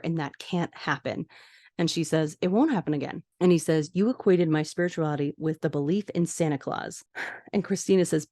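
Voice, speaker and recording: A woman's voice: lowish voice, darkish tone, no echo, studio quality. A woman hosting a podcast, casually retelling a TV episode scene by scene and quoting the characters. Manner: narrates scenes, quotes characters, laughs often. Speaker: podcast host recapping a TV episode.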